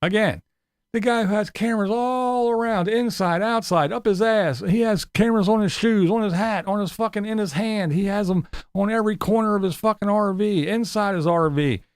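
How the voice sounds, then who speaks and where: Snarky cussing guy ranting on his vlog, kinda high voice, dry mic. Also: moderate pace, smooth, no echo. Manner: sarcastic, profane. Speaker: commentary vlogger. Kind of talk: mocking commentary rant.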